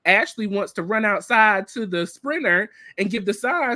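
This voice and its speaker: A woman co-hosting a casual TV recap chat, retelling scenes in a chatty, animated way with lots of filler words. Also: mid-range voice, normal speed, hardly any pauses, dry recording, clean studio sound. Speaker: podcast co-host.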